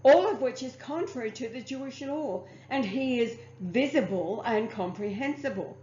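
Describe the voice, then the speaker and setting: Higher-voiced woman reading aloud in an echoey room. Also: animated, moderate pace, darkish tone, lo-fi sound, slight background noise. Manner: reads formally, breaks off laughing into chatty asides. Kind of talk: reading aloud a religious text with commentary.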